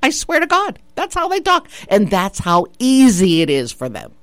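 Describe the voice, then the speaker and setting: A woman's voice: medium pitch, wildly swooping pitch, normal speed, a bit bright, no echo, studio quality. A woman hosting a radio talk show, chatting in an opinionated, emphatic way that repeats her points and asks the listener rhetorical questions. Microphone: studio radio mic.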